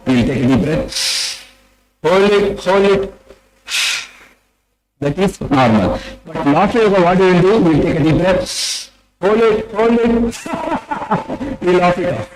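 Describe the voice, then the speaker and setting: A man addresses a room in an animated, playful way, telling jokes and cheering people into group exercises. His voice sits a little high for a man, and he leads chanting with bounce and energy. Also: low-quality recording. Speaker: speaker at a medical meeting. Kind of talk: lively talk with jokes and laughter exercises.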